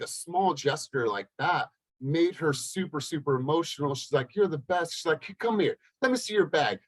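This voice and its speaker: A man hosting a team coaching call from a hotel room, telling a story with animated, acted-out dialogue. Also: medium pitch, dry recording, low-quality recording. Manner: animated, acts out both sides of a dialogue. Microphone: laptop or webcam on a video call.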